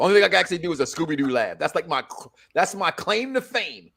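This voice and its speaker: A man hosting a loose, joking review chat. His voice sits fairly high and swings widely in pitch, and he rambles and restarts often as he riffs. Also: very animated, fast, creaky, a bit bright. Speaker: podcast host.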